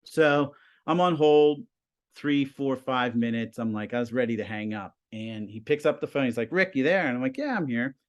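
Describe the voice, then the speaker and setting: Lively storytelling man in his fifties. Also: mid-range voice, normal speed, clear, resonant tone. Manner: animated, acts out quoted conversations. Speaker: high school TV production teacher, guest. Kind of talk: casual storytelling.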